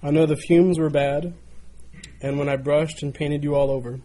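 A preacher voicing a patient master potter. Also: male voice, fairly high pitch, fairly even intonation, moderate pace, warm tone, close to an everyday voice. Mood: gentle. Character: patient kind potter, gently explaining.

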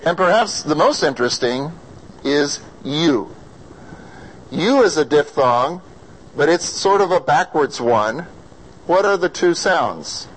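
Male voice teacher, American, fairly high voice, slow and deliberate, sounding out vowels for a class. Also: very animated, a little hiss or hum, poor audio. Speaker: singing or diction teacher.

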